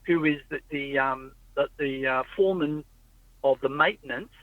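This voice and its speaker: A man's voice: mid-range voice, normal speed, no echo. Man rambling, tinny storyteller. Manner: rambling storyteller, acts out quoted people. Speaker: podcast host. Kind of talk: casual chat. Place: in a car. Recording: tinny phone-like audio, dry.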